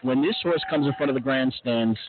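Hushed man hosting over a tinny line. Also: mid-range voice, fairly quick, a crowd in the background. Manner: hushed, casual, restarting with uh. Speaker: podcast host. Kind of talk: live racetrack broadcast chat. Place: outdoor stage on a racetrack finish line.

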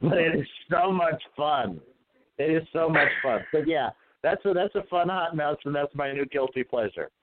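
A man with a slightly higher voice chats casually as a podcast co-host, dishing gossip with plenty of swearing. His voice comes through narrow and tinny, like a phone line. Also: expressive, normal speed, heavy background noise. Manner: profane, gossipy storytelling.

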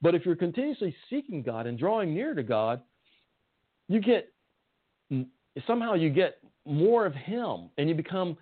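A man with a Southern US accent giving a conversational Bible sermon, folksy and often asking his listeners questions. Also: on the high side. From Southern United States. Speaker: Bible teacher. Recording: tinny phone-like audio.

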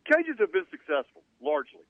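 A man's voice: high-pitched, wildly swooping pitch, fast talker, no echo. Emphatic sports-radio host man, phone-thin sound. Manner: emphatic, lecturing, punchy. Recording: narrow phone-like band, dry.

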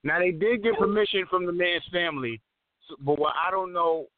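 A man's voice: high voice, fairly quick, no echo. A man co-hosting a casual chat show, joking and swearing as he rambles. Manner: profane, joking, loose rambling. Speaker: co-host. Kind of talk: casual podcast banter. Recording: dry phone-like line.

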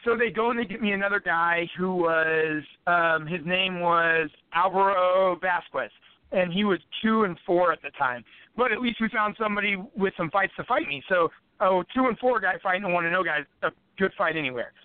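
A man, a podcast guest, telling rambling, profane stories in a casual, animated way. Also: high voice, moderate pace, clean tone, dry recording. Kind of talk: casual storytelling. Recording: tinny phone-like line, dry.

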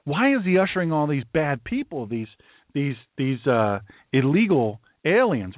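A man's voice: on the high side, no echo. A man hosting a political talk show as a pastor, ranting emphatically and telling stories. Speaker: host, pastor. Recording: tinny phone-like line, dry.

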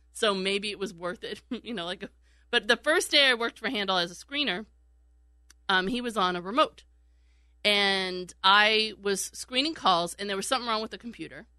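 A woman's voice: medium pitch, moderate pace, pushed and bright, dry recording. A woman telling a casual story in a chat, laughing often and acting out what people said. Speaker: radio show regular, former call screener.

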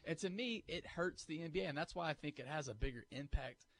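With a voice on the high side, the man talks fast while co-hosting a sports talk radio program. He argues animatedly and plays out the pushback he pictures listeners giving him.

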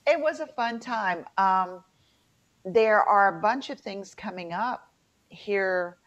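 A woman's voice: mid-range voice, lively intonation, slow, a bit bright. A middle-aged woman with an Appalachian twang, co-hosting a casual chat and telling stories with lots of fillers. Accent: Appalachian mountain twang. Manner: chatty storyteller, lots of fillers. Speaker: co-host. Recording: muffled lo-fi audio.

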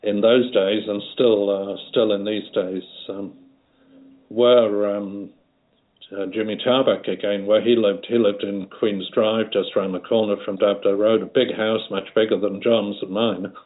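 Older liverpool guy, lowish voice, lots of ums, tinny phone line. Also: flat delivery. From Liverpool, England. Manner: unhurried, many fillers and restarts. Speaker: guest. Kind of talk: casual interview reminiscence.

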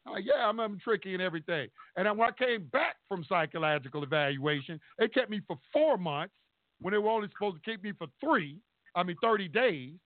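A man with a fairly high voice tells his story in a casual, animated way, swearing freely as he acts out the people in it. The sound is thin and phone-like. It is also quite dry, with no room echo. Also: brisk. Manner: animated, profane, acts out courtroom exchanges. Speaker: storyteller recounting court experience.

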